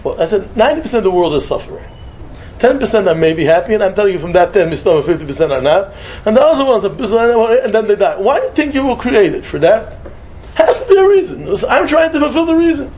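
A man giving a sermon, telling a story and mixing in Hebrew and Yiddish phrases, jumping between loud emphatic lines and soft murmured asides. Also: sits high, a little hiss or hum. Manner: peppers English with Hebrew and Yiddish words, short repeated phrases. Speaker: rabbi giving a talk.

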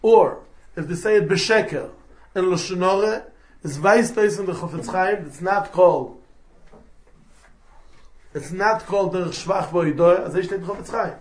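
A high-pitched man speaks unhurriedly, leaving long pauses, as he teaches halacha in a Torah lecture. This rabbi explains each point methodically and weaves Hebrew and Yiddish terms into his English.

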